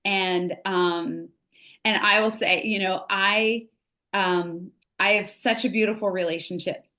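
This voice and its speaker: Earnest middle-aged woman explaining gently. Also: medium pitch, fairly even intonation, slow. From United States. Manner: earnest, explains with acted-out examples. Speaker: grief recovery specialist. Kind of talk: casual podcast conversation.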